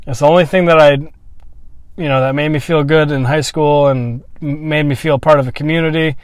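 A man's voice: on the high side, fairly even intonation, dry recording. Blunt, candid man telling his story. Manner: candid, blunt, swears freely; reflective, halting with restarts. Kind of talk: personal storytelling monologue.

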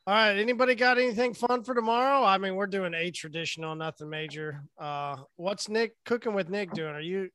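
A man with a notably high voice hosts a laid-back conversation. He tells stories loosely and swears freely. His sound is dry and close, with no room around it. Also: brisk, few pauses, sharp tone, smooth, no echo. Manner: loose, profane storytelling. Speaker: host. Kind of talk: casual podcast chat.

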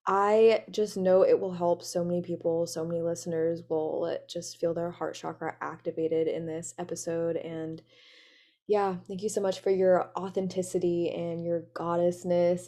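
A woman's voice: lowish voice, steady tone, moderate pace, mellow. A woman hosting a podcast in casual interview chat, enthusiastic and chatty, full of "like" fillers. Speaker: podcast host.

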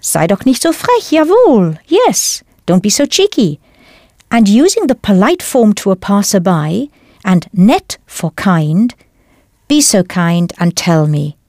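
A woman leading a scripted audio language lesson with clear, encouraging instruction. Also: mid-range voice, sing-song, slow, a little mellow, no room sound, studio quality. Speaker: language course teacher.

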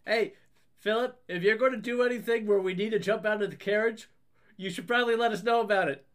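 A man's voice: high voice, quick pace. A man playing a tabletop game, joking and laughing with his friends. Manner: playful, laughing. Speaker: player.

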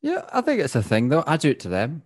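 A man's voice: on the high side, huge pitch swings, fast talker, dry recording, studio quality. A Scottish man co-hosting a podcast over a video call, chatting casually and joking around. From Scotland. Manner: joking, puts on voices. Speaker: podcast co-host. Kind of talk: casual chat. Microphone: remote video call.

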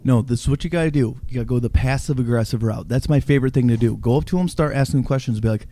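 A man's voice: mid-range voice, quick pace, mellow. A man in casual podcast chat, joking and acting out little mock conversations. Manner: joking, teasing, playing out mock dialogue. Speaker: podcast co-host.

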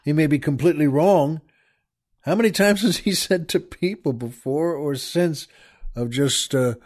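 A man's voice: fairly high pitch, moderate pace, darkish tone. Wry rambling older man telling a story. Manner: rambling, wry, with small laughs and restarts. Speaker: podcast host. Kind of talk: casual storytelling monologue.

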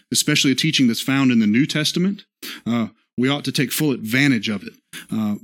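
Man preaching an earnest sermon. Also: mid-range voice. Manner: earnest preaching, often checking in with "okay?" and "right?"; slows for scripture quotes, acts out short dialogue. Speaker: pastor.

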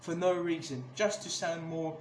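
Man ranting on a podcast, high voice, angry and swearing, echoey room, noticeable background noise. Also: steady tone, moderate pace. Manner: angry, swears a lot, many restarts. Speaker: podcast host. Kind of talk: casual ranting monologue.

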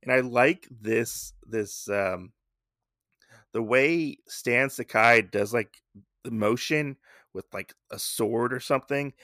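Male podcast host, casual recap, rambling with fillers, bright dry tone. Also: mid-range voice, slow pace, no echo. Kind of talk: casual comic book recap.

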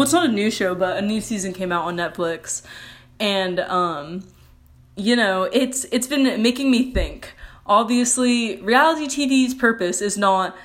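A young woman with a slight lisp hosting a casual solo podcast, rambling and correcting herself with sarcastic asides. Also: mid-range voice. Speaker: podcast host.

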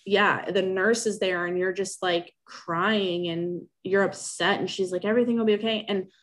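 A young woman in an easygoing chat, telling a personal story with lively feeling. She acts out the things people said to her, her voice sitting at an ordinary middle pitch. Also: normal speed. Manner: animated, acts out remembered exchanges. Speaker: guest sharing a personal story. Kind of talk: casual conversational storytelling.

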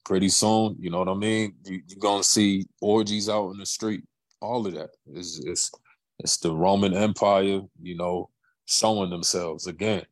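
Low-voiced male guest, halting and repetitive, close dry recording. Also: steady tone, dry recording. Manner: halting, repeats "right?" often. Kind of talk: casual podcast talk.

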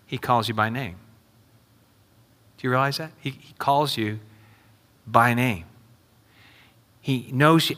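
A man's voice: mid-range voice, pushed and bright. A male pastor preaching an earnest sermon and often repeating his questions to the congregation. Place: church sanctuary. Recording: long reverb in a hall.

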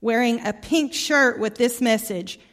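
A woman's voice: fairly high pitch, a little slow. Woman preaching with a Southern Arkansas accent. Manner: warm storytelling, heartfelt, often drops soft and quiet. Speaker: guest preacher. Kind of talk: sermon. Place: church sanctuary.

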